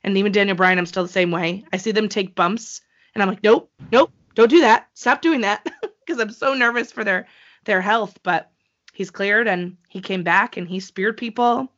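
A bright, excitable woman chatting as co-host, quick to laugh and to throw in animated asides. The recording sounds a little dull and lo-fi, her voice crisp and forward at the top. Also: medium pitch. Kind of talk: casual wrestling chat.

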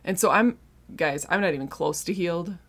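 Low-voiced woman giving earnest faith talk. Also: brisk. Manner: earnest, conversational, addresses listeners directly. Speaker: podcast host and marriage coach client. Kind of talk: faith-based casual talk.

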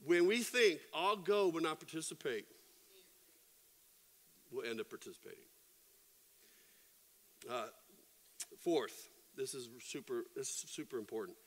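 A middle-aged man preaching a sermon as pastor, telling stories animatedly and acting out sound effects and quoted voices. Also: mid-range voice. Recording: long hall reverb.

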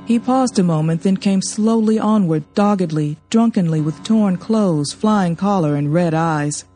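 A woman reading a novel aloud as an audiobook narrator, measured and expressive. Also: fairly low pitch, faint music behind. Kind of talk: storybook reading.

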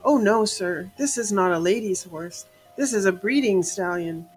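A woman's voice: mid-range voice, moderate pace, a little mellow, soft background music, close to an everyday voice, low-quality recording. A woman reading the lines of a male horse breeder who firmly objects, in a storybook reading. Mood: objecting.

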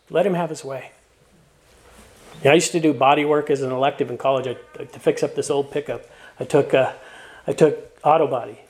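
Male pastor, middle-aged, high pitch; sermon with warm stories and strong calls to finish well. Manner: storytelling with playful asides; earnest, encouraging exhortation.

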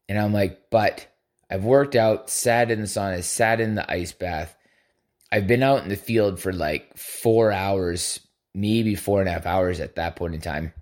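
A man with a lowish voice tells a rambling story on his podcast. He swears constantly and voices his own thoughts as quotes, in loose, conversational talk. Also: a little mellow. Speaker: podcast host. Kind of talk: casual storytelling monologue.

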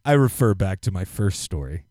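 A man co-hosting a podcast, ranting in a casual, profane, animated way. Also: low-pitched, moderate pace. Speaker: podcast co-host. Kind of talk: casual chat.

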